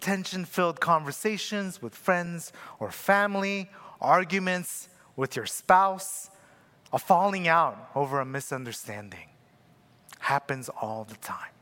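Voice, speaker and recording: His sermon feels loose and chatty: a young adult man recounts a personal story, often prompting listeners with "right?". The voice is highish, expressive and sharp-toned, delivered without hurry, and the recording carries long hall reverb.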